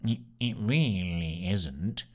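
A man's voice: low-pitched, voice pushed down. A man doing a dull rat-like muttering man. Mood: dull, sneering. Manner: slow, sneering, flat muttering. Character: dull monotonous rat-like man, ignored by all.

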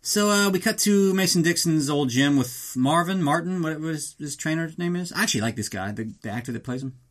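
A man's voice: fairly high pitch, animated, fairly quick. A man giving a comedic movie recap in a ranting, profane, incredulous way. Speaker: movie reviewer.

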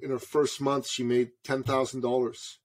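A man in his forties, a podcast guest from Canada, telling a story in an animated way and calling the host brother. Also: mid-range voice, normal speed. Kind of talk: storytelling interview.

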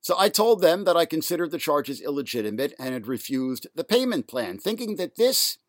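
A man in a halting, sarcastic rant, full of fillers and indignant asides. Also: a little high, very animated, dry recording, studio quality. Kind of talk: ranting monologue.

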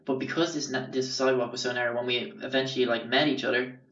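A young Irish man rambles through his stories casually, swearing freely and filling gaps with "um" and "like." His voice sits at a middle pitch and echoes in a roomy space. The sound is dull and a little distant from the mic. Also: steady tone, fast talker, fairly bright tone. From Ireland. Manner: rambling, sweary, lots of fillers. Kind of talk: casual storytelling.

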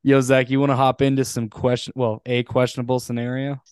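A man co-hosting a podcast, chiming in with quick dry quips. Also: mid-range voice, little pitch movement, a little mellow, smooth, no room sound. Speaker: podcast co-host. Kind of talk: casual chat.

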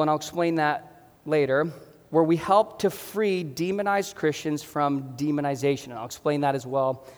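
A man preaching a sermon as pastor, passionate and at times loud and fired up. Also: fairly high pitch, long reverb tail. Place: church hall.

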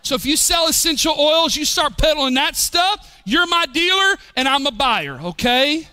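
A man preaching a sermon as pastor, swinging from shouted emphasis to low, quiet drops. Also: animated, normal speed. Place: church.

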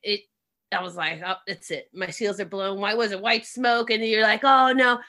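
A woman's voice: mid-range voice, steady tone, moderate pace, sharp tone. A woman in casual chat, telling a long story with lots of fillers, swearing and laughing.

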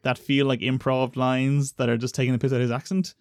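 A man's voice: mid-range voice, level tone, brisk, darkish tone, no echo, clean studio sound. A man co-hosting a podcast, chatting about films in a wry, joking, rambling way. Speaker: podcast co-host. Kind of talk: casual film chat.

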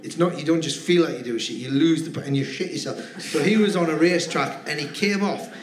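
A man's voice: on the high side, fast talker, a little hiss or hum. A male comedian guest telling rambling, giggly anecdotes in a live podcast interview. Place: theatre stage with live audience. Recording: roomy theatre, audience laughter.

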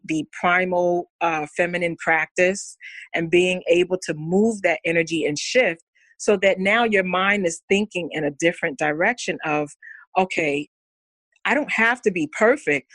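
A woman's voice: lowish voice, fairly bright tone, no room sound. A woman speaking as a guest on a podcast, earnest and candid about her own fears. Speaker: podcast guest, women's coach. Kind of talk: candid heartfelt interview talk.

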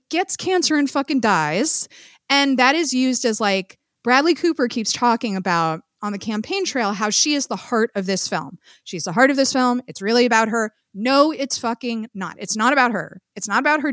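Young woman podcast co-host, blunt and profane film critic, slightly high voice, dry close sound. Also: a bit bright, dry recording. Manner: blunt, swearing, emphatic repetition. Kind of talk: casual film review chat.

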